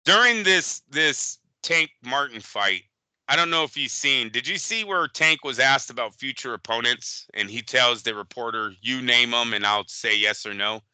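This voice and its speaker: A man co-hosting a boxing podcast in casual chat, animated and profane, often slipping into quick impressions. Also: mid-range voice, clear, resonant tone, no echo, low-quality recording. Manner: animated, profane, impersonates fighters. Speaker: boxing show co-host.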